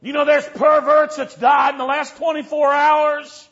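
Man, preacher, fiery revival sermon, high voice, muffled lo-fi recording. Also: little pitch movement, unhurried. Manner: builds from low storytelling to shouted warnings. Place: church service. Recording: dull lo-fi recording.

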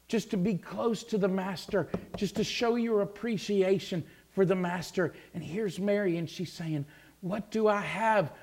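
A male preacher telling a Bible story, repeating words as he builds to fervent shouting. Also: high-pitched, steady tone, moderate pace, hardly any pauses. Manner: stammering repetitions, swelling into fervent shouts. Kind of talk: sermon.

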